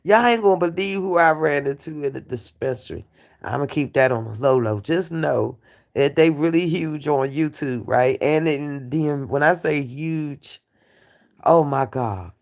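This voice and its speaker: A woman hosting a live stream, chatting casually with her viewers in a brassy, joking way, laughing often and dropping from loud outbursts to low asides. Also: expressive, moderate pace. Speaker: livestream host. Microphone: phone or computer mic on a livestream.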